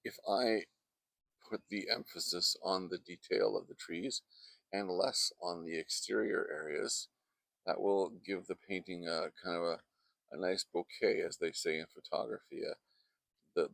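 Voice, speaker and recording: A deep, heavily gravelly man talks through a painting demonstration outdoors. His voice is close and dry on the mic, and his relaxed chat keeps drifting into friendly asides. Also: normal speed, no room sound. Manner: chatty, wandering off into asides. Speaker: painting instructor. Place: outdoors in a backyard. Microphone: close microphone.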